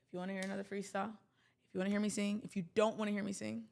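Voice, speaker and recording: A woman's voice: medium pitch, level tone, racing, gravelly, darkish tone. A woman hosting a livestream, talking casually to her viewers in a chatty, rambling way with jokey asides. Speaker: livestream host.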